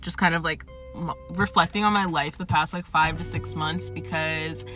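A young woman from Atlanta talks casually from inside her parked car, with a bright, forward voice. She swears freely and breaks into laughter often. Faint music plays underneath. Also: low voice, steady tone, moderate pace. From Atlanta, United States. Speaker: podcast host. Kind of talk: casual chat. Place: parked car in a parking garage.

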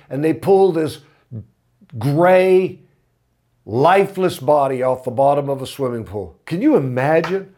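Male pastor, slow deliberate sermon delivery, slightly raised pitch, earnest and building to passion. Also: lively intonation, a little mellow. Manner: earnest storytelling that rises to impassioned emphasis.

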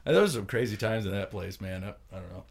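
Gravelly and lowish, this man's voice comes out fast. As co-host of a laid-back podcast chat, he's a lively storyteller who performs other people's quotes.

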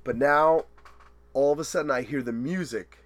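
A man's voice: mid-range voice, normal speed. A middle-aged man telling a race story in casual, profane chat, acting out what people said. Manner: animated, profane storytelling with acted-out quotes.

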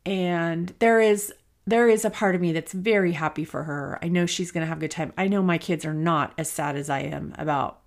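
A woman in her forties hosts her own solo podcast, speaking candidly and emotionally about personal matters. Thinking aloud and near tears, she tries not to cry; her voice is fairly low and moderately paced.

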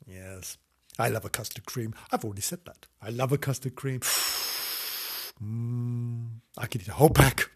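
A man reads a children's story aloud in a slow, unhurried way, his voice husky and rough at the edges. His pitch bobs up and down in a lively sing-song, and he keeps slipping into cheeky asides and mock apologies.

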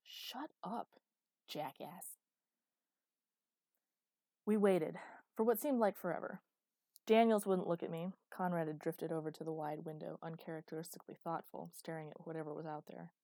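Woman reading a first-person novel, wry, kinda low voice, dead dry booth sound. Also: fairly even intonation, a little fast, dark tone, no echo. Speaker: audiobook narrator. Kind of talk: first-person fiction narration.

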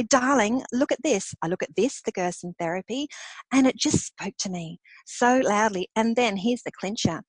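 A woman, a podcast guest, telling a personal story in an animated way and laughing often between phrases. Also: fairly high pitch, slightly rough, dry recording, low-quality recording.

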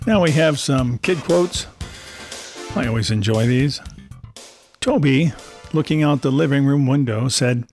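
A man's voice: mid-range voice, unhurried, pauses often, darkish tone, faint music behind. A man hosting a program, casually reading out anecdotes in an amused, chuckling manner.

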